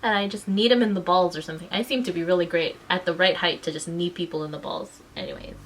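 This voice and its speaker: A mother and vlogger in a casual storytelling vlog, talking in an animated way and acting out the voices of people in her story. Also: on the low side, quick pace, a little hiss or hum, poor audio. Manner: animated, acts out quoted voices.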